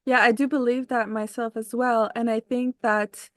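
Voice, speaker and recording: A woman's voice: fairly high pitch, flat delivery, normal speed, no echo, clean studio sound. A woman hosting a podcast interview, enthusiastic and readily agreeing with her guest. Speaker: podcast host. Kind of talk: casual interview chat.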